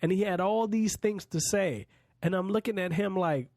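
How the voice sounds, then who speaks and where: A man hosts his own political podcast with a slightly raised pitch, speaking bluntly and emphatically and swearing when it suits him. His voice sits close and dry on the mic, with no room around it. The talk is a loose, unscripted commentary monologue. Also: moderate pace, darkish tone, no room sound. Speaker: podcast host.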